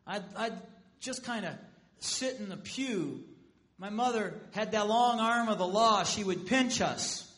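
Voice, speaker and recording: A man preaching a sermon as a pastor, telling stories with lively humor. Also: high-pitched, measured pace. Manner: animated storytelling with humor.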